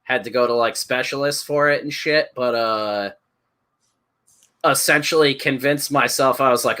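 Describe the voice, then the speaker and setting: A man in his thirties talking in a loose, rambling way, swearing freely and laughing through his own stories. His voice sounds bright and forward. It has the easy feel of a casual podcast chat. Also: mid-range voice, normal speed. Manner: rambling, profane, laughs while telling stories. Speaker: podcast co-host.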